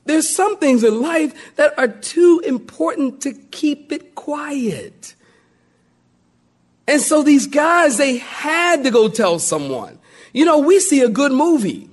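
A pastor preaching to his congregation in a high voice that swoops up and down. He tells his stories with animation, acting out the people in them, and calls out to the saints as he goes. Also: unhurried. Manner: animated storyteller, acts out characters in the story. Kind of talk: sermon.

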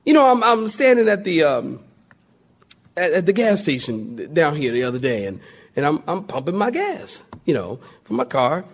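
A pastor preaching to his congregation in a high voice that swoops up and down. He tells his stories with animation, acting out the people in them, and calls out to the saints as he goes. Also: normal speed. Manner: animated storyteller, acts out characters in the story. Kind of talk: sermon.

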